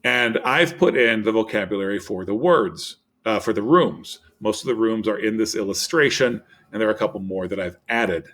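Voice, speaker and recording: Low-voiced man teaching vocabulary. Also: lively intonation, fairly bright tone. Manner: upbeat, explanatory, reads word lists slowly. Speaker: Spanish teacher. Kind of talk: recorded vocabulary lesson.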